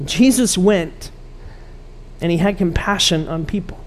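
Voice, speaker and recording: A man's voice: sits high, a little slow. A man pastor preaching a conversational, emphatic sermon to his church.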